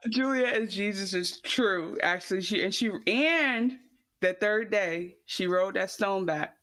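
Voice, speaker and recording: A woman co-hosting a podcast, telling stories and joking in a loose, animated way. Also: medium pitch, a little slow, dry recording. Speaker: podcast co-host. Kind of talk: casual chat.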